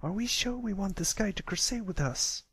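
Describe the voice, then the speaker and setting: A bold young pegasus filly, voiced by a man reading a fan story aloud, blunt and skeptical in her words. The voice sits well above a man's usual range, with a gravelly edge and a soft level. The homemade recording is dry and close. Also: high-pitched, animated, moderate pace, dry recording, voice pushed up, exaggerated voice. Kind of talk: fanfiction audiobook reading. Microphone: home recording, close mic.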